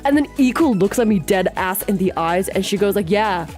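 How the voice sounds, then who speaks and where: A woman streamer telling a story in casual, animated chat, giggly and rambling. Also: medium pitch, brisk, faint music behind.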